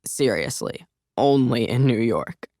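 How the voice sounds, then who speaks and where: A man's voice: medium pitch, very animated, unhurried, a little mellow, no echo, studio quality. A man voicing a laid-back teenage boy, the narrator's wry best friend.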